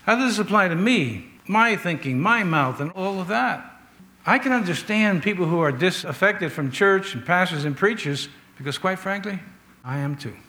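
A man's voice: sits high, lively intonation, moderate pace, sharp tone. A man preaching a sermon in an earnest, conversational way, telling stories and asking rhetorical questions.

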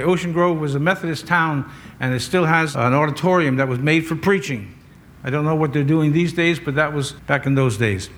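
A man's voice: on the high side, a bit bright. An older man, a pastor, preaching a conversational sermon with wry asides to his congregation.

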